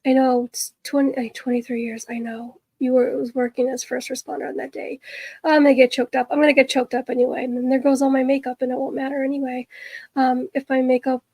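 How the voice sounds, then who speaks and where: A woman's voice: sits high, mellow, dry recording. A woman hosting a casual livestream, talking to her viewers in a chatty, earnest, rambling way that trails off and restarts. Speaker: livestream host.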